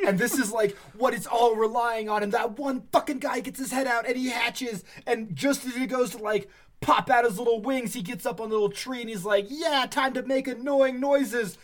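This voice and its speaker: A man's voice: extremely high pitch, fairly even intonation, a little fast, hardly any pauses. A man in casual chat as a podcast co-host, emphatic and indignant, swearing freely.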